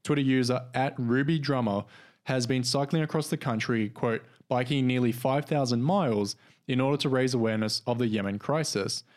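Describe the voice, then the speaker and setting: A young man co-hosting a podcast rambles through a casual chat, full of fillers and restarts. He speaks briskly at a medium pitch.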